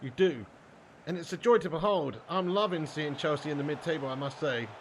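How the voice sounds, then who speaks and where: A man's voice: fairly high pitch, brisk, a little hiss or hum. A young adult man streaming a football video game, trading sweary, mock-aggressive banter with his live chat.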